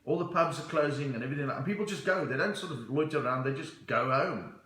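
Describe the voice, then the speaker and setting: A man's voice: medium pitch, fast talker, bright, forceful tone, reverberant, poor audio. A middle-aged South African man with a South African accent, chatting on a live stream, reading viewer comments and telling stories. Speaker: stand-up comedian. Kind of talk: live-stream comedy chat.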